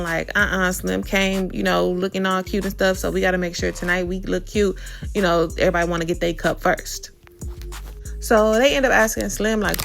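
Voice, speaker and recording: A woman's voice: lowish voice, creaky. A woman hosting a reality TV recap, telling the story in a sassy, gossipy, slang-filled way. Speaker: reality TV commentary host. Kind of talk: casual recap commentary.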